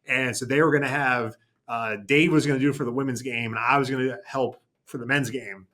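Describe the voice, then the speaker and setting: A man's voice: mid-range voice, steady tone, a little fast, pushed and bright. A man co-hosting a casual station chat show, telling a long story with many restarts and fillers. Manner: rambling, self-correcting storytelling. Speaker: TV news anchor.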